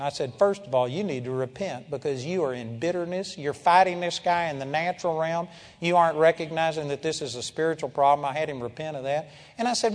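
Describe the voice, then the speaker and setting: A man's voice: fairly high pitch, animated, brisk. A man preaching a sermon to a congregation, telling a story through quoted dialogue and building to emphatic swells. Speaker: pastor. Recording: long hall reverb.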